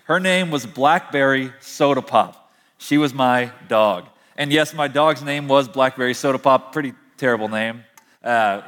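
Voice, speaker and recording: A young man preaching a sermon from a stage, telling stories in a conversational way with slow, emphatic pauses. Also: mid-range voice, a bit bright, big-room sound. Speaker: pastor. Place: large hall, speaking from a stage.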